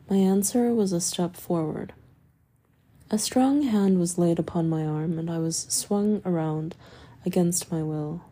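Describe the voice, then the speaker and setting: A woman narrating a story as an audiobook reader, in a measured, steady way. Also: fairly low pitch.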